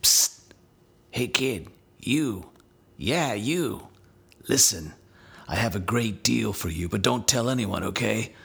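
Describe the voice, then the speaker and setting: A man playing a wheedling con man, gravelly and husky, hushed and conspiratorial, full of sales patter. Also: fairly low pitch, expressive, takes it slowly, pauses often, exaggerated voice. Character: sly smooth-talking male con man peddling a bridge.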